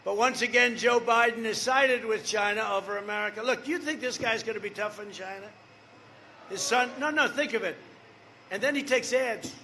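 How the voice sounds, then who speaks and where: A man's voice: extremely high pitch, moderate pace, bright, forceful tone, slight background noise. A man in his seventies giving a campaign rally speech, rambling and repetitive, with off-script asides to the crowd. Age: 70s. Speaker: political candidate.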